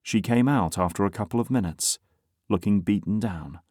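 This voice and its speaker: A man narrating an audiobook in a steady, even reading. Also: lowish voice, normal speed, dry recording, clean studio sound. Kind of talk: scripted narration.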